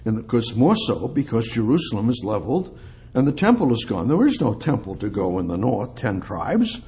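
Male preacher, emphatic sermon, reads scripture aloud, loud peaks then quiet drops. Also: medium pitch, sing-song, moderate pace. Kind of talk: expository sermon.

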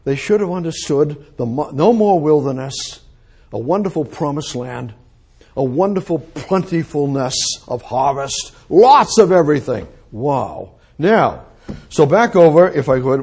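A man's voice: medium pitch, expressive, a little slow, a little mellow, husky. A man preaching a sermon in an emphatic way, repeating his phrases and breaking into exclamations.

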